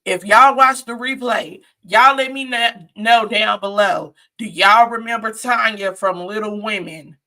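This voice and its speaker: A woman's voice: mid-range voice, bright, forceful tone. A woman giving a chatty, sassy live-stream recap of a reality show, talking straight to her viewers.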